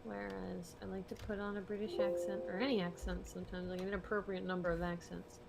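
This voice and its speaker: A young woman hosting an art stream who talks casually while she draws, rambling and laughing often, sometimes dropping to quiet mumbles as she works. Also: mid-range voice, level tone, fast, vocal fry. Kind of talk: casual chat while drawing.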